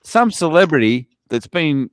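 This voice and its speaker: A man chatting casually, complaining in a halting way with many fillers. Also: fairly high pitch, big pitch swings, no echo, studio quality. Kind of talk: casual chat.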